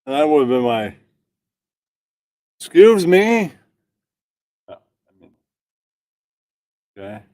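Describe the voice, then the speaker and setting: A man's voice: medium pitch, moderate pace, pauses often, a little mellow, clear, resonant tone, dry recording. A man hosting casual banter, riffing crudely and mockingly.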